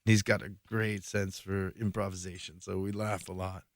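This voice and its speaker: A man's voice: sits low, level tone, normal speed, no echo. A man guesting as an actor in a radio studio interview, easygoing and rambling, with a fondness for improv. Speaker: stage and film actor, guest.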